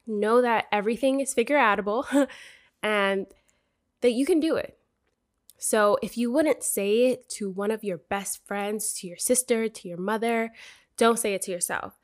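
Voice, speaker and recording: A young adult woman hosting a podcast, giving a candid, profane, sisterly motivational talk. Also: mid-range voice. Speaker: podcast host.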